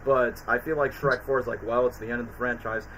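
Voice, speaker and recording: Bright-voiced rambling male streamer. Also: mid-range voice, fairly even intonation, fairly quick, a little hiss or hum, low-quality recording. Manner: rambling, quotes movie lines in put-on voices, many fillers. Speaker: streamer host. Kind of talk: casual stream chat.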